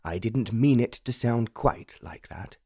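Man doing a sulky spoiled young gent, awkward and dismissive, low mellow voice, storybook. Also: lively intonation, a little slow, vocal fry, dry recording, clean studio sound. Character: petulant young gentleman, sulky and self-serving. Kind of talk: audiobook narration.

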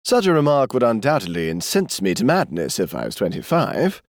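A man's voice: medium pitch, sing-song, a little fast, no room sound. A man voicing a weary fifty-five-year-old diplomat in an audiobook, speaking dryly and patiently. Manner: dry, patient, protesting. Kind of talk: audiobook character voice.

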